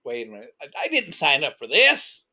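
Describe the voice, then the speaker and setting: A man's voice: a little high, wildly swooping pitch, brisk, sharp tone, voice pushed down, full character voice. A man voicing a big grumpy male dragon in a told story, who talks in a blunt, folksy grumble. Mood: bewildered.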